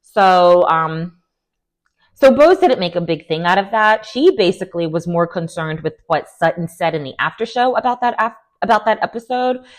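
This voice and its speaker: A woman with a fairly low voice, speaking at a moderate pace, hosts a reality TV recap. Casual, sassy, and animated, she airs strong opinions and often acts out quotes in mocking voices.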